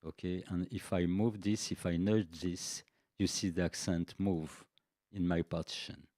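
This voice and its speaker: A man walks through a music software tutorial on a live stream, speaking slowly and patiently. His voice sits very low and mellow, recorded dry and close. Faint drum machine beats tick along behind him. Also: fairly even intonation, no room sound. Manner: unhurried, explanatory, with frequent "okay" checks.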